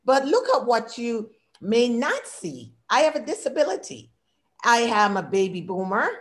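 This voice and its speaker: A woman's voice: a little high, sing-song, moderate pace. A woman in her sixties with an accent, talking through a workshop presentation on a video call in short, listed phrases. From immigrant. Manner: warm, talkative, speaks in short lists; audible non-native English accent. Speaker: diversity consultant and workshop speaker.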